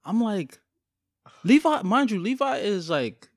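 A man chatting casually, telling relaxed family stories with frequent pauses and ums. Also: high-pitched, no echo, clean studio sound. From Guyanese family. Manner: laid-back storytelling with frequent ums. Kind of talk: casual chat.

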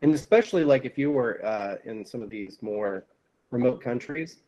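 A man joins a relaxed movie discussion. He asks questions and thinks aloud, pausing and restarting as he goes. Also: mid-range voice, lo-fi sound, crowd noise. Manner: thoughtful, hesitant, asks questions.

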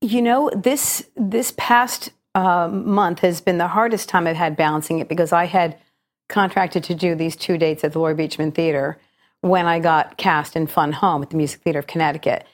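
A middle-aged woman, an actress and cabaret singer, talking as a guest in a radio interview, her voice slightly gravelly today, telling stories in a chatty, reflective way with many restarts. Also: lowish voice, fairly even intonation, normal speed.

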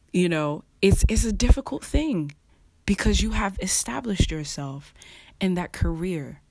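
Slow easygoing preacher, keeps restarting words, dry close sound. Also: mid-range voice, animated, vocal fry, a little mellow, no room sound. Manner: halting, repeats words, chuckles often. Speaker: online preacher. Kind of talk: casual devotional teaching.

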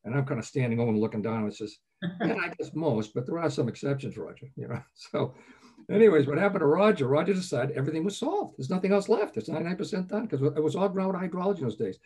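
Fast-talking older man telling stories. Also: fairly high pitch, lively intonation, a little mellow, husky. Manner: chatty, anecdotal, frequent "okay?" asides, chuckles often. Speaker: guest, groundwater professor. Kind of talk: relaxed storytelling interview.

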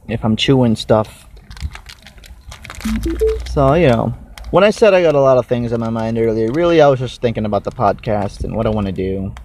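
There's slight background noise as a young man with a mid-range, slightly mellow voice hosts his own laid-back podcast. He wanders from topic to topic, swears often, and munches on snacks while he talks.

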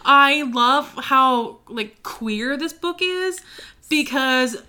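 A woman's voice: high-pitched, expressive, drawn-out words, bright, forceful tone. A young woman in casual book chat, gushing and laughing often as she acts out characters.

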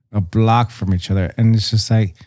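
Earnest Chicano guest, dry sound. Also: male voice, fairly low pitch, fairly even intonation, moderate pace, darkish tone, dry recording. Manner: earnest, mixes Spanish words into English. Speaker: podcast guest. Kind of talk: casual podcast chat.

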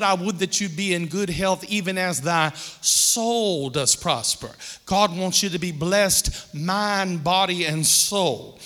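Slow, bright-voiced pastor preaching in a hall. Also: male voice, high-pitched. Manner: leads call-and-response with the congregation; joking, playful asides. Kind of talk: sermon. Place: church hall with congregation. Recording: long reverb of a large hall.

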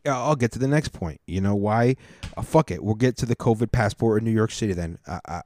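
A low-voiced man in the middle of a profane, heated rant, his words tumbling and restarting when he gets worked up. His tone is dark and mellow even as he vents. He reads someone's messages aloud and keeps breaking in to argue with them. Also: a little fast. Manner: swears a lot, stumbles and restarts when worked up. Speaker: vlogger.

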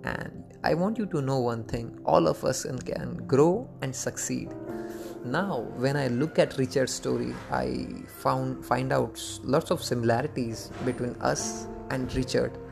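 A man's voice: mid-range voice, measured pace, gravelly, music in the background. A man hosting a podcast, telling a motivational story with earnest, simple phrasing and frequent repetition.

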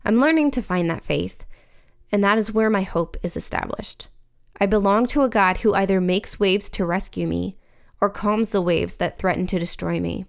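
A woman's voice: medium pitch, normal speed, gravelly. A woman giving an earnest, reflective scripted devotional reading. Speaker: devotional speaker.

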